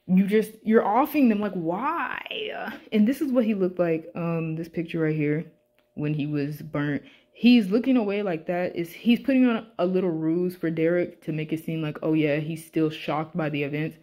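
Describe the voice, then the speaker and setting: A young woman doing a casual, animated rant review, swearing often and sounding exasperated. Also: fairly low pitch, normal speed. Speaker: YouTube reviewer.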